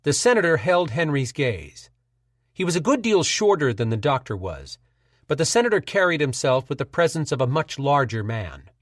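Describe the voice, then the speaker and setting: A man narrating an audiobook in a measured, steady storytelling voice. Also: a little high, no echo, studio quality.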